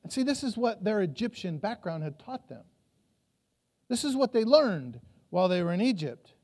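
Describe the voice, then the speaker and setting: A man's voice: high voice, very animated, moderate pace, a little mellow. A pastor preaching a sermon to a church, telling the story and acting out voices from it, often repeating his words as he goes.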